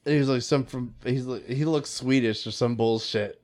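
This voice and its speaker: A laid-back man hosting a podcast, trading loose, profanity-laced banter with friends. His voice sits at an ordinary pitch for a man, and his talk is relaxed and unhurried. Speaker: podcast host. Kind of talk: casual chat.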